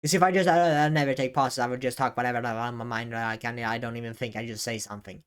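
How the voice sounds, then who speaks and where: A man talking to the camera in a casual advice vlog, often halting and correcting himself as he goes. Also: mid-range voice, steady tone, clear, resonant tone. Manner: halting, self-correcting, varies emphasis. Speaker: YouTube creator. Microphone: camera facing speaker.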